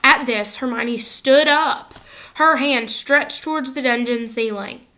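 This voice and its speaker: A woman narrating a children's novel aloud in an expressive, lively reading style. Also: high-pitched, slow pace. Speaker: audiobook reader. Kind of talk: storybook narration.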